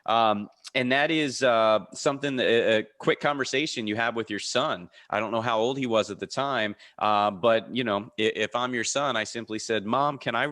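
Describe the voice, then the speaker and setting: A man hosting a podcast interview, friendly and halting, with many fillers. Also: mid-range voice, fairly bright tone. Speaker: podcast host. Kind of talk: interview questions, casual chat.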